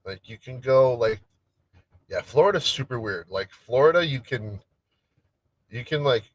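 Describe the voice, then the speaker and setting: Animated rambling male stream host. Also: mid-range voice, measured pace, no room sound, poor audio. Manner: rambling, animated, trails off and restarts. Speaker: livestream host. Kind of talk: casual solo stream chat.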